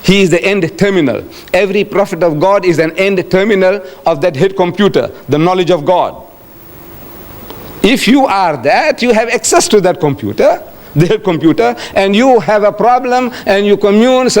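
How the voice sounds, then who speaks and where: A man delivers a religious lecture with lively storytelling, asking his listeners rhetorical questions as he goes. His voice sits a little high for a man. He acts out the quoted voices and jumps sharply up and down in pitch. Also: normal speed. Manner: addresses audience directly, rhetorical questions.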